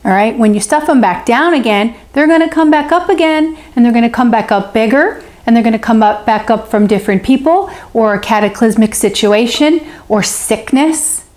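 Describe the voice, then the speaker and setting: A woman with a fairly high voice hosts a self-help talk, speaking straight to the viewer. She is encouraging and reassuring, often pausing to check in with "okay?" and repeating key words for emphasis. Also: animated, darkish tone. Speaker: spiritual self-help host. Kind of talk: teaching to camera, answering a viewer.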